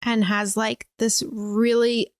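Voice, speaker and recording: A young adult woman in casual podcast chat who chimes in with details, chatty and quick to laugh. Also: on the high side, little pitch movement, no echo, clean studio sound.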